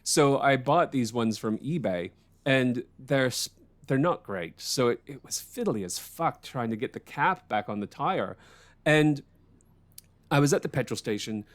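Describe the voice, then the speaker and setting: A man's voice: mid-range voice, lively intonation, unhurried. A man hosting a podcast, telling a story in casual chat, swearing freely and laughing often. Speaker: podcast host.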